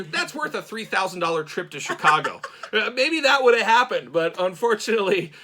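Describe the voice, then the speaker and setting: A middle-aged man hosting a casual chat, talking quickly in a bright, forceful voice that sits a little high. He is animated and excitable and gets more worked up the longer he goes. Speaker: show host.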